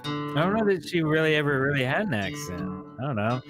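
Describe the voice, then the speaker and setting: A man's voice: fairly high pitch, very animated, brisk, music in the background. A man co-hosting a casual live show, laid-back and laughing often. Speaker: co-host.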